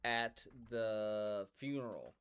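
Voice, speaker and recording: A man's voice: fairly low pitch, takes it slowly, a bit bright, clear, resonant tone. A man hosting a podcast in a casual, rambling monologue, swearing freely and talking to his dog. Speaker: podcast host.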